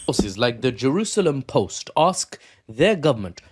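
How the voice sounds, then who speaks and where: A man's voice: mid-range voice, sing-song, a little slow, slight background noise. A man giving casual news commentary, sarcastic and rambling, correcting himself often.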